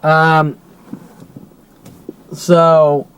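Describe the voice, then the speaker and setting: A man's voice: on the high side, monotone, very slow, fairly bright tone, smooth, low-quality recording. Agitated man ranting in a monologue. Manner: agitated, profane, rhetorical questions. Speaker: vlogger. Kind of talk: rambling monologue.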